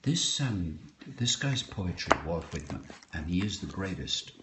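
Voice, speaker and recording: Recorded on a phone with a lot of noise, a low-voiced Irish man hosts a poetry live stream from his home kitchen. He's very animated but a little slow, drifting and hesitating as he greets each viewer by name.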